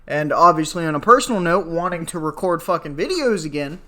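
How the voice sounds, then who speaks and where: A vlogger in his twenties rants casually to camera in a slightly high, pushed, bright voice, animated and brisk. He's exasperated and sarcastic, swearing freely and wandering off into asides.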